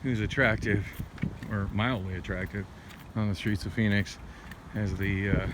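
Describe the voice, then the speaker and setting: A man's voice: fairly low pitch, fairly even intonation, normal speed. Rambling male night-walk vlogger, candid and profane, phone mic, wind and street noise. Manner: rambling, many restarts and fillers, candid and profane. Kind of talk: rambling late-night walking vlog. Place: city street at night, outdoors, walking. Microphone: handheld phone. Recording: windy outdoor phone audio.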